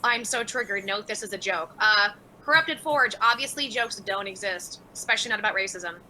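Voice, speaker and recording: Bright-voiced sarcastic woman streamer. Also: medium pitch, fairly quick, a little hiss or hum, rough recording. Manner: sarcastic, laughing, addresses viewers by name. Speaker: livestream host. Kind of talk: casual livestream chat reading super chats.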